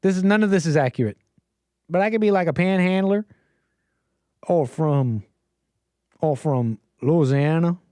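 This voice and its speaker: A man's voice: sits high, sing-song, fast, no echo, voice pushed up. A man hamming up a broad Southern drawl caricature. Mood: hammy. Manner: hammy, self-mocking put-on drawl.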